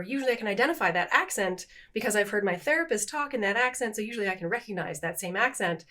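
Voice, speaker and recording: A woman's voice: medium pitch, fast talker, few pauses. A middle-aged woman co-hosting a podcast, chatting casually and laughing at her own slip-ups. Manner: animated, self-deprecating, laughs at herself. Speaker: podcast co-host. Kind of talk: casual chat.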